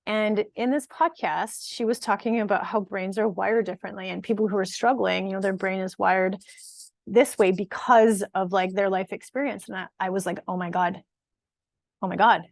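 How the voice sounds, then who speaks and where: A woman in her forties talks to camera as a fitness and nutrition coach, earnest and emphatic. She often restarts mid-sentence as she goes. Her voice sits at an everyday middle pitch and sounds close and dry, with no room echo. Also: fairly even intonation, normal speed, creaky. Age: 40s. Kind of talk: casual direct-to-camera monologue.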